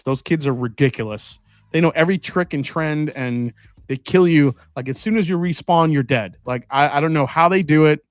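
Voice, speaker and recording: A man's voice: medium pitch, smooth, no echo, clean studio sound. A man hosting a live stream, chatting casually and rambling while tasting and answering viewer comments. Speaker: host.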